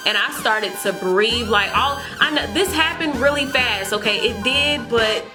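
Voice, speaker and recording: A young adult woman vlogger telling a storytime to her viewers in an animated way, repeating herself as she goes. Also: on the high side, unhurried, music in the background. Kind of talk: storytime vlog chat.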